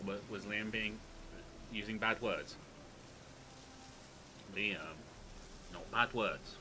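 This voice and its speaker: A man's voice: on the low side, takes it slowly, noisy background. A man co-hosting a gaming live stream, chatting casually and playfully over gameplay. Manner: playful, jokey, breaks into excited yelps.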